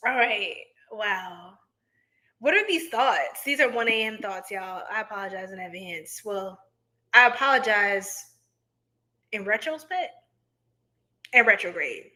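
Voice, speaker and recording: A woman's voice: mid-range voice, expressive, unhurried, pushed and bright. A young woman, hosting a tarot reading livestream and chatting casually with viewers, laughing often and making playful puns. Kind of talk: casual live-stream chat reading viewer comments.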